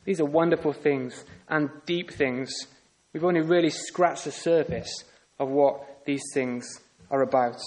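A man's voice: on the high side, a little slow, a little mellow. A man preaching a sermon earnestly, often putting rhetorical questions to his listeners.

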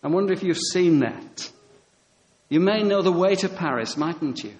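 A man's voice: high-pitched, moderate pace, rough recording. A man preaching a sermon, telling stories with quoted dialogue and repeating key phrases for emphasis. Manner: animated, storytelling with quoted dialogue.

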